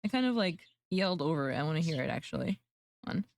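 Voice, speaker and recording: A woman's voice: on the low side, sing-song, quick pace. A woman streamer chatting casually with her viewers, laughing often and mocking herself. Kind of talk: casual livestream chat.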